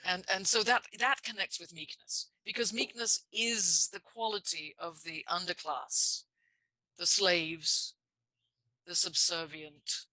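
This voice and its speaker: A man in a reflective church discussion, speaking haltingly with frequent restarts and fillers. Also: sits high, fairly even intonation, pushed and bright, no room sound, rough recording. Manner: halting, restarts phrases, many "you know" and "I mean".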